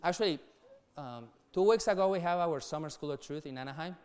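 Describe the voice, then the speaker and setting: A middle-aged man preaching earnestly to young people, laughing softly between points and repeating words as he goes. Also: fairly high pitch, a little fast, smooth. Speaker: youth pastor.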